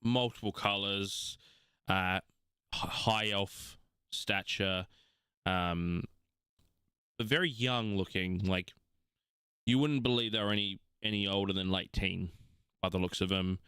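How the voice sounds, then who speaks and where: A young Australian man narrating as game master, unhurried and full of fillers. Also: deep voice, fairly even intonation, bright, forceful tone, smooth, no room sound, clean studio sound.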